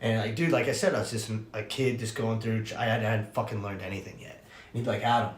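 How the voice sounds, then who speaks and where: A young man, a podcast host, telling a story in casual chat, animated and profane, acting out the voices of people he quotes. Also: on the low side, fast talker. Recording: roomy echo.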